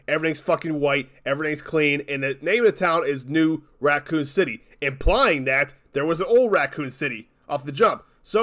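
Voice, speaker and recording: High-voiced man in a profane rant. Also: pushed and bright. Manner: profane, exasperated, emphatic. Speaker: YouTube channel host. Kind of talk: angry ranting commentary.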